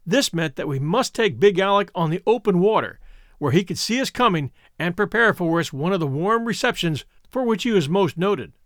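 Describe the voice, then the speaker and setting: A man's voice: moderate pace, no room sound, clean studio sound. A man narrating an adventure story in the first person, reading expressively. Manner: expressive reading with lively pitch. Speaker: audiobook narrator.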